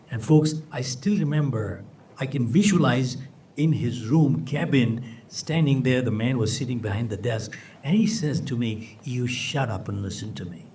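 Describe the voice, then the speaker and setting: An older man giving an animated motivational keynote to an audience, acting out the people in his stories. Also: medium pitch, measured pace, recorded from a distance, a little hiss or hum. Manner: animated, addresses audience as folks, acts out quoted people. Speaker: motivational speaker. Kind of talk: keynote speech with storytelling. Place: large auditorium with audience.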